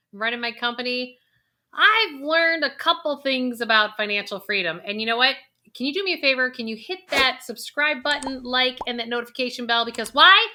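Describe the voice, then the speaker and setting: A middle-aged woman, a financial planner, hosting a vlog and coaxing viewers through a guided emotional exercise, energetic in places and slow and soft on repeated affirmations. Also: fairly high pitch. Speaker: financial planner and video host.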